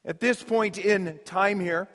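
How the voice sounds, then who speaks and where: A man's voice: high voice, takes it slowly, a bit bright, big-room sound. A man preaching a sermon as pastor, earnest and explanatory, with emphatic repetition. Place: church.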